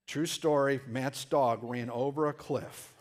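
A man's voice: medium pitch, steady tone, a little slow. Man preaching casually, with stumbling restarts. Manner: conversational preaching with frequent restarts and sudden shouted asides. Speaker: pastor. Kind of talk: sermon.

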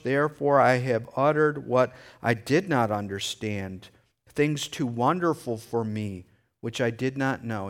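A man, a pastor, delivering a sermon in a conversational way, breaking into animated asides. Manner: conversational preaching, jumps into high excited voices for anecdotes.

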